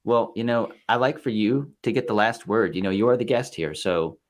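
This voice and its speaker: A young man hosting a podcast, gently and playfully chatting with his toddler son. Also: on the low side, animated, normal speed. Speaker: podcast host.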